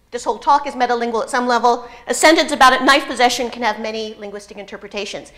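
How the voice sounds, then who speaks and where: A woman giving an academic conference talk, halting and full of fillers, with dry humor. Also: a little high, fairly bright tone. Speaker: lecturer.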